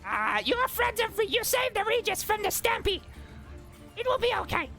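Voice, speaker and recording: A man voicing an eager, nervous little male kobold guide who talks in squeaky, broken phrases. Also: big pitch swings, moderate pace, sharp tone, faint music behind, heavily acted. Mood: reassuring.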